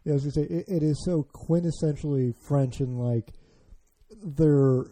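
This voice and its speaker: Very dark-toned chatty American host. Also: male voice, on the high side, normal speed. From United States. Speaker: podcast host. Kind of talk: casual chat.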